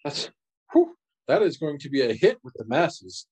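A man playing his character in a tabletop role-playing game, animated and jumping into high character voices. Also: normal speed, husky, rough recording. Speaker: player.

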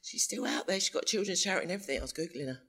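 A man chatting on a podcast, his voice sitting high and bright. He talks with emphatic, teasing energy, and his pitch swings widely as he pushes his point. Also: animated, racing. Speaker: podcast co-host. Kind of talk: casual chat.

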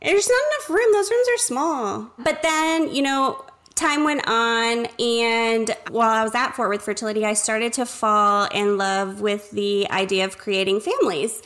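Animated, fairly high-voiced woman telling a story. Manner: quick, expressive, acts out quoted dialogue. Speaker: surrogate telling her story.

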